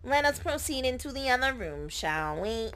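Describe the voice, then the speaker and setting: A woman's voice: sits high, big pitch swings, moderate pace, fairly bright tone, a little hiss or hum, heavily acted. A woman voicing a prim, formal female scientist agent who speaks in a stiff, clipped, proper manner.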